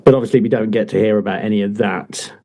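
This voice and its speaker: Animated, swearing podcast host. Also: male voice, lowish voice, fast. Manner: animated, swears freely, laughs often. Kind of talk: casual chat.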